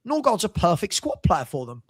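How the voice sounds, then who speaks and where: A man's voice: sits high, huge pitch swings, fairly quick, breathy edge. A man hosting a casual football fan chat, ranting in an exasperated way. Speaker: host.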